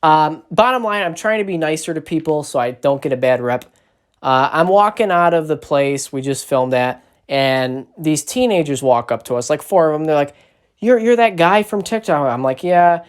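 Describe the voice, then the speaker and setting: A man's voice: on the high side, moderate pace, clean tone. Rambling, swearing man telling a story. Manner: rambling, animated, swears often. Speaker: social media creator. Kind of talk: casual storytelling on a phone livestream. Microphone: phone.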